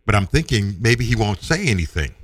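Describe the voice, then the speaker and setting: Low-voiced man telling a story. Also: fairly quick, no room sound. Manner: animated, acts out quoted voices. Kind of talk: casual personal storytelling.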